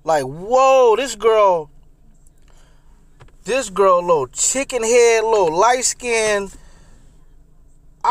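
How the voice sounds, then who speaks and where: High-voiced young man telling a profane story. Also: no room sound. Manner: profane, animated, repeats himself. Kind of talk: comedic personal storytelling.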